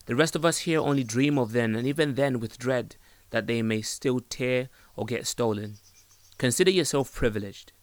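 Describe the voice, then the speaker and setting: A man voicing a sharp-tongued young woman who answers with sarcasm and brisk retorts, in a storybook reading. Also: mid-range voice, no room sound, lightly acted. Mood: lecturing.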